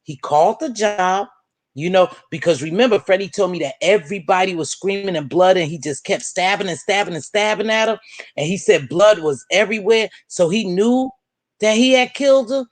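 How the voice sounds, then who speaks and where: An animated woman tells a long personal story to her viewers and voices everyone in it. Her voice sits in a middle range and sounds dry and close to the mic. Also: mid-range voice, normal speed, dry recording. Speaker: vlog host. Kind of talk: casual storytelling chat.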